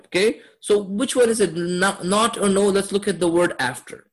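A man with a fairly high voice teaches a class on Quranic Arabic. He keeps quizzing his students and laughs often as he goes. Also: normal speed. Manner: asks students questions, upbeat with laughs. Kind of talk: classroom lesson.

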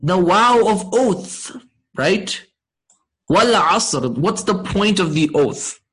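A man teaching a class, explaining slowly and checking in with his students often. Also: high-pitched, animated, a bit bright, rough recording. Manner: slow, deliberate explaining. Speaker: Arabic grammar teacher.

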